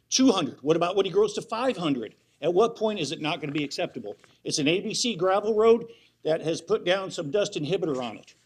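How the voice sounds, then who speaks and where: A man's voice: high voice, breathy edge. Worked-up man at a public hearing. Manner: worked up, insistent, repetitive. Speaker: resident giving public comment. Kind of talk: public comment at a county hearing.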